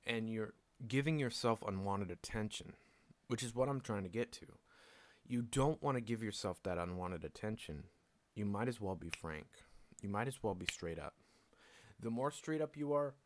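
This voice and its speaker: On his solo stream, a man whose voice sits on the low side rants at a moderate pace with animated delivery. It's a blunt, casual monologue full of swearing and laughter, with him acting out both sides of exchanges.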